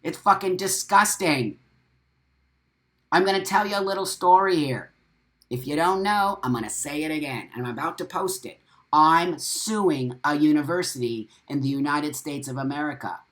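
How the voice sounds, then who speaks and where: A man hosting a live-stream monologue, swearing often and repeating phrases for emphasis in a defiant, forceful rant. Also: fairly high pitch, normal speed. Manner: profane, emphatic ranting. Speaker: host.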